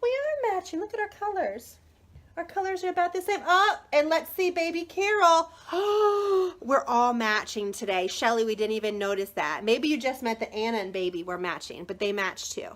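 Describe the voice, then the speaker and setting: Bubbly high-voiced woman gushing on a live video. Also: expressive, moderate pace. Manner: bubbly, gushing, greets viewers by name. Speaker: book seller hosting a live video. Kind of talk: chatty live product showcase.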